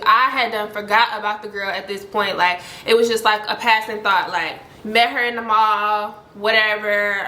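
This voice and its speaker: A young woman telling a story in a casual vlog, animated and full of "like". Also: echoey room. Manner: animated, heavy use of "like", voices other people with high pitch jumps. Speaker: storytime vlogger.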